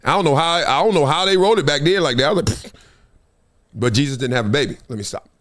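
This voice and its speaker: A middle-aged man, a former football player, hosting a casual livestream in an animated, slangy, joking way. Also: a little high, very fast.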